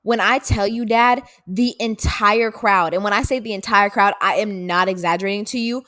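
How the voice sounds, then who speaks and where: A woman of about eighteen from Seattle, co-hosting a podcast and telling a story in casual, profane, animated chat. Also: medium pitch, normal speed, no room sound, studio quality. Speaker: podcast co-host, daughter.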